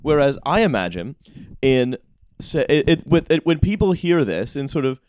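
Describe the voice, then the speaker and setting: A man in a casual podcast discussion, wry, throwing in joking asides in quick bursts. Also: a little high, very animated, darkish tone, clear, resonant tone.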